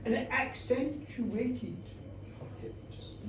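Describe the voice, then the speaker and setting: A woman voicing a boastful young Galway man who talks in a slow, lingering, romantic drawl, told live in a pub. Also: sits high, slight background noise. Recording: echoey live bar, from a distance.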